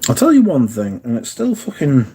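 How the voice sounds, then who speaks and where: A man's voice: mid-range voice, wildly swooping pitch, fairly quick, mellow, a little hiss or hum. Sweary man hosting a livestream. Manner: sweary, chatty, reads viewer comments aloud. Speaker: livestream host. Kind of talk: casual livestream chat.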